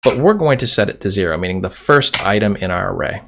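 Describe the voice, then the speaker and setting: A man's voice: sits low, lively intonation, fast talker, gravelly, fairly bright tone, slight background noise. A man teaching a coding tutorial over a screen recording, talking casually and joking while he types. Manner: casual, chatty, jokes while typing code. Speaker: programming instructor.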